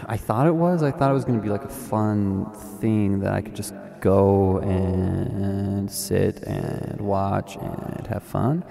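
Deadpan rambling man, low voice. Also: creaky. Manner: deadpan, meandering, self-mocking. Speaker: podcast host. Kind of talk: comedic rambling monologue.

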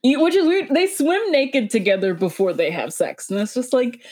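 Slightly high-voiced woman, easygoing. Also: animated, normal speed, a little mellow. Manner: easygoing, agreeing, jokey asides. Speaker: podcast co-host. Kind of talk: casual chat.

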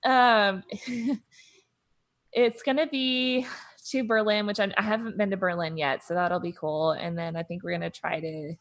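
Podcast co-host: young woman, mid-pitched, chatty and excitable, laughs easily. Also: a little slow. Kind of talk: casual chat.

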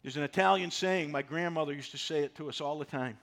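A man in his sixties preaching a sermon, folksy and animated, driving points home with repetition. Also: on the high side, fast, vocal fry. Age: 60s. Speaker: pastor.

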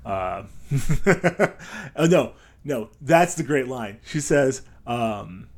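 A man's voice: medium pitch, animated, takes it slowly. A man co-hosting a podcast, rambling through a story and acting out the lines of the people in it, often laughing. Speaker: podcast co-host. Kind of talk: casual chat, retelling a story with put-on voices.

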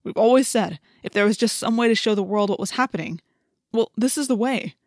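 A woman's voice: fairly high pitch, a little fast, darkish tone, dry recording, studio quality, close to an everyday voice. A woman doing an earnest teenage boy leader.

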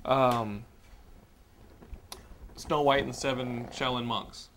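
A man hosting a podcast, telling stories in a casual, animated way with lots of restarts and "like"s. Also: mid-range voice, slow pace. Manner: animated storyteller, many "like"s and restarts. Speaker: podcast host. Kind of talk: casual chat, anecdote-telling.

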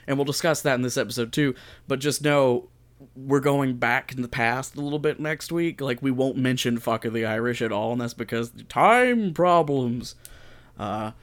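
A man hosting a podcast in casual banter, joking and self-mocking as he catches listeners up. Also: medium pitch. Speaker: podcast host.

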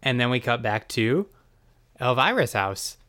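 A man giving a casual, rambling recap of a TV episode, wry and quick with crude asides. His voice sits at a middle pitch for a man and sounds like his everyday speaking voice. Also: sing-song, pushed and bright, no echo.

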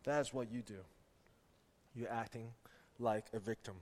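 A man voicing God gently rebuking a son, in a hushed, slow voice, in an echoey hall. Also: mid-range voice, slight background noise, pitched below the performer's own voice, lightly acted. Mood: solemn. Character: God speaking gently to a son, male, calm.

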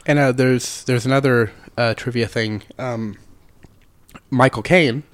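A man in casual chat on a movie podcast who steers the talk through trivia in a laid-back way. His voice is medium in pitch and sits on a dry, close-miked recording. He laughs often between points. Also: unhurried, no room sound. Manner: leads the talk, relaxed, laughs often, uses fillers. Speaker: podcast co-host.

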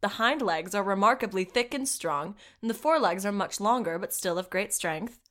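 A woman co-hosting a casual podcast with a middle-pitched voice. She reads old accounts aloud and keeps breaking off into laughter and swearing asides. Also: lively intonation, moderate pace, fairly bright tone. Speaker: podcast co-host.

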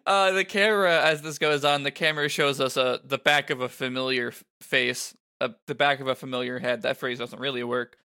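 A man's voice: mid-range voice, steady tone, fairly quick, hardly any pauses, bright, forceful tone, clear, resonant tone. A man co-hosting a podcast, recapping a video game with wry jokes, frequent laughs and casual swearing. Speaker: podcast co-host.

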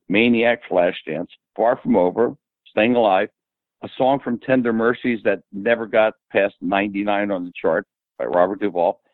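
Guy in his 70s spinning lively stories in an interview, dry tinny phone-ish sound. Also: mid-range voice, dry recording. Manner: animated anecdote teller who acts out quoted dialogue. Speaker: guest. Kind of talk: casual storytelling interview.

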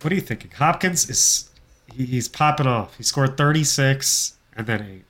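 A man with a mid-pitched, ordinary voice chats casually as a podcast co-host. He is easygoing and likes to brag a little in good humour. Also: expressive, normal speed, a bit bright. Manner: playfully boastful, easygoing. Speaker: podcast co-host and league commissioner. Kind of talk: casual chat.

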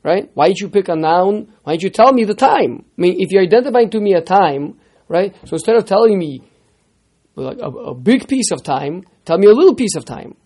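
A man teaching a text study class, lively, firing rhetorical questions at his students and repeating words as he starts sentences. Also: high-pitched, a little fast, husky. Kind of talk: interactive text lesson.

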